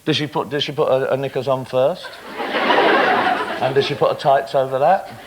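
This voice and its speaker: A male TV host with a mid-range voice, teasing and playful as he interviews a child. A loud studio audience fills the background, along with heavy noise on the recording. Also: mid-range voice, fairly even intonation, moderate pace, over a noisy crowd.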